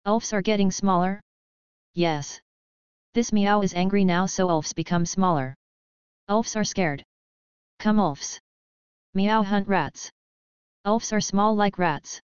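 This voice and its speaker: A woman's voice: medium pitch, takes it slowly, long pauses, clean tone, no echo, lightly acted. A woman voicing a small, childish black cat creature that talks about itself in the third person with broken grammar. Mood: gleeful. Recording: dull lo-fi audio.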